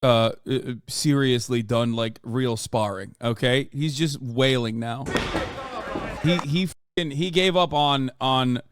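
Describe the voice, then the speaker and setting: A man in his thirties streaming casual reaction commentary from home, profane and animated, quick to exclaim. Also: mid-range voice, noisy background. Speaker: streamer reacting to a fight video.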